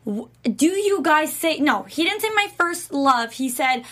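A woman's voice: high-pitched, big pitch swings, a bit bright. A woman co-hosting a casual recap show, wry and questioning. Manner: wry, questioning, drawn-out phrasing. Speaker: podcast co-host. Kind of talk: casual chat.

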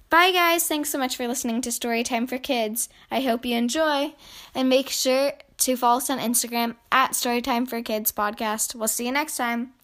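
A woman reading a picture book aloud to children in a gentle storytelling manner. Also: a little high, fairly even intonation, normal speed.

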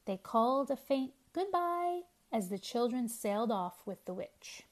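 A woman's voice: on the high side, moderate pace, a little mellow. Woman reading a storybook aloud.

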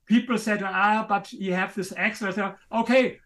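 A man with a German accent talks in an interview, emphatic and a little halting. His voice sits high for a man and sounds bright and forceful. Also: fairly even intonation. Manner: emphatic, a bit halting, non-native grammar. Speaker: author and guest. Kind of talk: interview conversation.

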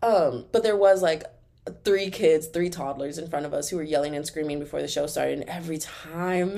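A young adult woman from Texas with a Texan accent, hosting a podcast in a casual, animated solo rant full of fillers. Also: low-pitched, creaky. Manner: animated, exasperated, talks fast with many fillers. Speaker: podcast host.

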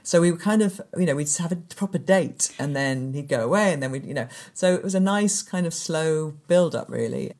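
A woman in her fifties, a sports presenter, telling animated, rambling stories as an interview guest. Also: deep voice, brisk, hardly any pauses. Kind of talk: anecdotal interview chat.

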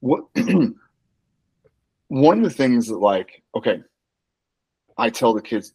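A man hosting a podcast and coaching wrestlers, talking in lively casual chat with lots of "like" and laughter. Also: mid-range voice, slow, pauses often, breathy edge, low-quality recording. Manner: animated, laughing, filler-heavy.

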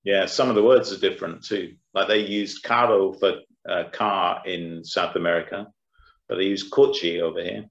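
A low-voiced man who chips in with explanatory details during a casual podcast chat. His sound comes through dull and lo-fi. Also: fairly even intonation, moderate pace, vocal fry, reverberant.

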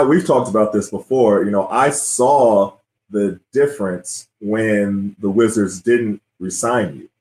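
A man in his forties hosting a casual sports interview. He tells old stories with a lot of energy and keeps asking "you know what I mean?". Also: lowish voice. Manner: animated storytelling, often says "you know what I mean". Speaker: podcast host, former NBA player. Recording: roomy echo.

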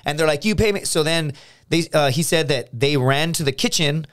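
American guy on a podcast, slightly high voice, tells a crazy story all fired up, keeps restarting and doing his buddies' voices. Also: normal speed, clear, resonant tone. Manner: animated, restarts a lot, acts out quoted friends. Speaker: podcast co-host. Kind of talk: casual storytelling chat.

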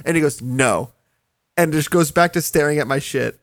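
Young male podcast co-host, animated storyteller, voice a little high, no room echo. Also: fast. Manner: animated, swearing, laughing through a story. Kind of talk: casual storytelling.

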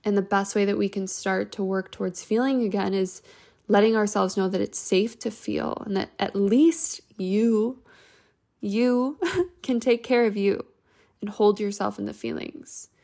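A young adult woman hosting a self-help podcast, talking in a gentle, reflective and loosely flowing casual way. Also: medium pitch, fairly even intonation, measured pace, vocal fry. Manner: gentle, reflective, speaks in loose flowing sentences with frequent "like" and "you know". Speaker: podcast host.

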